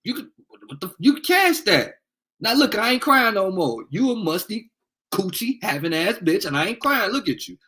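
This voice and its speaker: A man's voice: high-pitched, big pitch swings, moderate pace, sharp tone. A young man on a heated livestream rant, angry and profane, taunting commenters. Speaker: livestream host.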